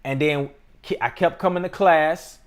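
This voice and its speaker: A young man hosting a trading channel, telling a story to camera in a relaxed, slangy, casual way from a room indoors. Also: on the high side, moderate pace. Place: indoor room with adjustable lighting.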